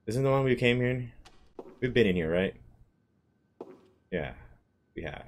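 A man's voice: mid-range voice, expressive, a little slow, slight background noise. A man giving casual, swearing commentary while playing a horror game and chatting with a viewer. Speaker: gamer streaming a horror game.

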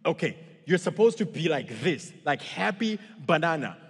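A man voicing a calm male skydiving instructor who speaks in short, broken phrases, low and hushed. Heard with long church-hall reverb. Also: moderate pace, breathy edge, heavily acted. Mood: joking.

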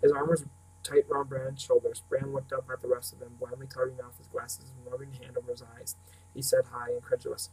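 A man's voice: medium pitch, monotone, fairly quick, a little mellow, breathy edge, poor audio. A man reading a novel aloud as narrator, now and then stumbling and restarting words. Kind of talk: audiobook reading.

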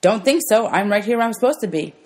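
A woman voicing a loud, taunting schoolboy bully in a storybook reading. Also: medium pitch, expressive, fast, a little hiss or hum, pitched above the performer's own voice, lightly acted. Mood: sneering.

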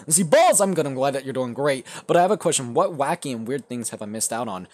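A young man hosting a casual livestream, reading chat aloud and answering viewers, shifting from mumbled asides to loud excited outbursts. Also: medium pitch, quick pace, no echo, studio quality. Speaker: livestream host.

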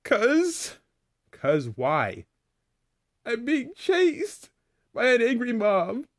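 A man doing a squeaky whiny taffy candy character. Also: huge pitch swings, very slow, heavily acted. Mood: panicky whine. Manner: high, squeaky, frantic.

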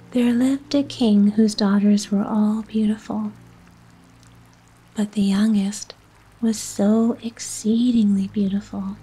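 Slow whispering woman storyteller. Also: medium pitch, fairly even intonation, husky, low-quality recording. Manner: soft unvoiced whisper. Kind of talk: whispered role-play. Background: soft music.

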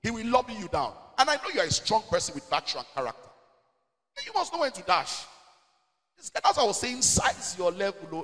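Nigerian male pastor, high and very expressive delivery, emphatic preaching, long hall reverb. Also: normal speed. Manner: animated, emphatic, slipping into Pidgin asides. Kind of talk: preaching in a church Q&A. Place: church hall.

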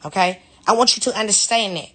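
A woman's voice: medium pitch, fast talker, fairly bright tone, slightly rough. A woman ranting bluntly and defiantly on a live stream, swearing freely and laughing things off. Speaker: reality TV personality in a clip. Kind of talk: heated live-stream rant.

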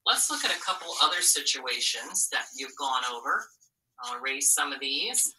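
Low-voiced, encouraging woman teacher. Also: expressive, sharp tone, far from the mic, rough recording. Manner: patient, encouraging, asks questions and pauses for answers. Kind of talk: phonics lesson for children.

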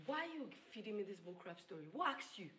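A woman's voice: mid-range voice, very animated, fast, background noise, close to an everyday voice. A woman with a Nigerian accent playing a defiant, scornful young woman who brushes off a former lover. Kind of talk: film drama acting. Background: music.

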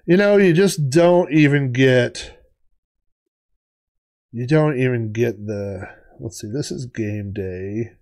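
Man, vlog host, casual storytelling, rambling, chatty, average pitch. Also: slow pace, a little mellow. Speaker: retro gaming channel host.

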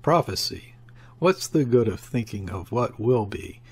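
A man's voice: mid-range voice, lively intonation, a little slow, breathy edge. A man reading an audiobook voices a cold, sardonic male anarchist professor who speaks with precise contempt. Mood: mocking. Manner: scornful, precise, sententious. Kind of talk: audiobook character voice.

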